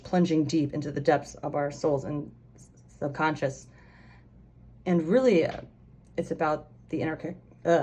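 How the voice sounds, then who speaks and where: A young woman with a low, mellow voice gives a relaxed pick-a-card tarot reading. She talks in a loose, chatty way, trailing off and restarting her sentences. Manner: chatty, rambling, many fillers and restarts. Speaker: tarot reader.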